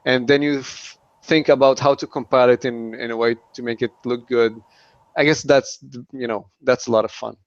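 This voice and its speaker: A man's voice: mid-range voice, fairly even intonation, moderate pace, no echo. A man from the East, speaking English as an as an interview guest, talking hesitantly with many restarts and fillers. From Middle East. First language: not English. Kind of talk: casual interview. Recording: dull lo-fi sound.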